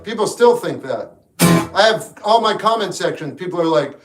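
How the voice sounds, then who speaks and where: A man's voice: a little high, animated, brisk. A young man streaming live, chatting casually and jokingly with his viewers as he rambles from thought to thought. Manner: rambling, jokey, talks back to chat. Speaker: livestreamer. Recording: roomy echo, faint guitar music behind.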